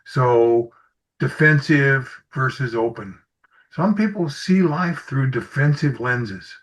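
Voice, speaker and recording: Slow and mid-range, this man's voice comes through slightly muffled. As an interviewed executive coach, he shares anecdotes in a casual, conversational way and acts out bits of dialogue.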